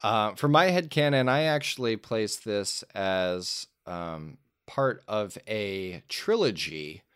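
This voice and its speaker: A man's voice: fairly low pitch, takes it slowly, hardly any pauses, smooth, dry recording, clean studio sound. A man chatting casually about movies, rambling through a fan theory with lots of fillers. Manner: rambling, animated storytelling with fillers. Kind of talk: casual film discussion.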